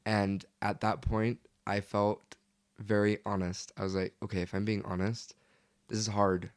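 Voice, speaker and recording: A man's voice: fairly low pitch, little pitch movement, measured pace. A young man, a guest on an interview podcast, telling his story earnestly and peppering it with "like". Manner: earnest, leans heavily on "like".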